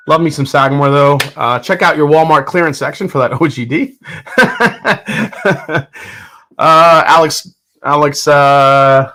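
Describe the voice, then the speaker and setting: With a pushed, bright, mid-range voice, a man runs a casual whiskey tasting livestream. He chats with enthusiasm, goes through viewer comments, and thinks out loud as he goes.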